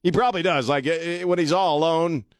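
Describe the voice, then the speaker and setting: A man's voice: fairly high pitch, fast, no echo, clean studio sound. A man hosting a talk radio show, blunt and sarcastic, rambling with frequent restarts. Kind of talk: opinionated talk radio monologue. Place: radio studio.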